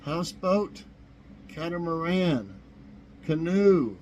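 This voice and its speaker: A man's voice: fairly high pitch, expressive, slow, a little mellow, dull audio, slight background noise. Rambling man hosting a chat show. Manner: rambling, chuckles at his own jokes. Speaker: host of a morning chat show. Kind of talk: casual chat. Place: home kitchen.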